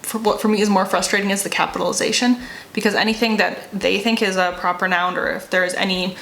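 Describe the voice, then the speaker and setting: A woman's voice: mid-range voice, steady tone, quick pace, vocal fry, a bit bright, echoey room, slight background noise, poor audio. A woman writer and vlogger chatting casually to camera, rambling and self-deprecating, laughing often as she talks.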